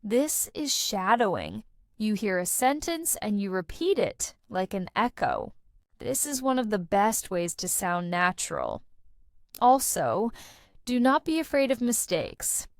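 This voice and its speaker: A woman giving a scripted English lesson, speaking in a slow, deliberate teaching manner. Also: mid-range voice, no echo, studio quality. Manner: slow, deliberate teaching delivery with lively intonation.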